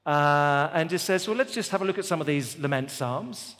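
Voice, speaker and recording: A man's voice: a little high, animated, normal speed, a bit bright, long reverb tail. A man preaching a sermon at a festival, with an emphatic, repetitive cadence. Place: festival venue.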